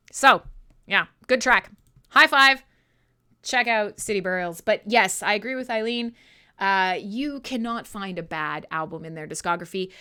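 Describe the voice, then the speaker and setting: A woman hosting a live metal radio show, chatting casually with listeners in an animated, profane way, often laughing at herself. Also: medium pitch, measured pace, smooth.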